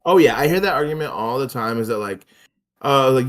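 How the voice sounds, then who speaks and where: A man's voice: medium pitch, animated, quick pace. A man in casual chat, speaking emphatically, swearing freely and acting out quoted exchanges.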